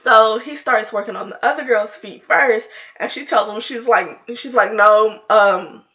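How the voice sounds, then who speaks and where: A woman's voice: on the high side, normal speed, pushed and bright. A woman vlogger telling a story in casual chat, with laughing asides to her viewers.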